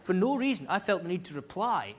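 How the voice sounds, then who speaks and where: A Scottish man doing stand-up comedy on a large theatre stage, rambling and animated with asides. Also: high-pitched, fast talker, background noise. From Scotland. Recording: live theatre recording, loud ambience.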